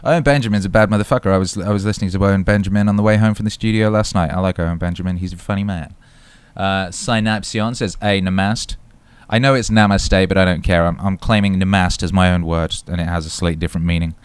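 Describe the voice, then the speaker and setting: A man hosting a live stream alone, chatting casually, reading out comments and giving shout-outs in a hyped, swearing way. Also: low-pitched, fairly even intonation, fast talker, clear, resonant tone, no room sound. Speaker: livestream host.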